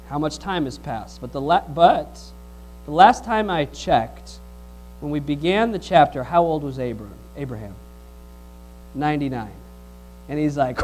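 A man preaching a sermon, reading scripture aloud and putting questions to the congregation in an animated way. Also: a little high, low-quality recording.

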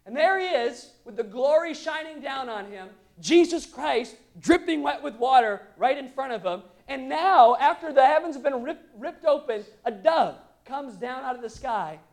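Male pastor, high-pitched voice, animated sermon delivery with soft asides and big emphatic peaks. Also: measured pace. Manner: animated, swinging from quiet asides to loud emphatic bursts.

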